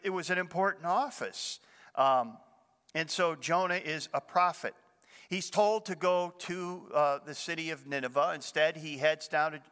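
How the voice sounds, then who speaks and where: An older man preaches to his congregation in a relaxed, chatty way, often asking them questions. His voice sits a little high and rings brightly. A long reverb from the church sanctuary hangs after his words. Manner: conversational, asks the congregation questions. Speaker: pastor. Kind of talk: sermon.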